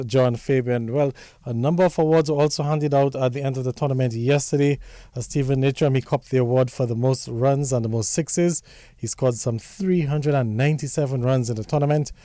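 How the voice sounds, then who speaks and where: A man presenting a radio sports report in a measured, formal read. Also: mid-range voice, mellow, no echo. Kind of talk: scripted news reading.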